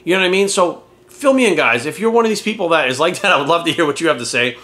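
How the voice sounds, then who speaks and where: A man's voice: a little high, lively intonation, very fast, sharp tone. A man talking as a fitness coach in a casual vlog rant, blunt and heavy on swearing and rhetorical questions.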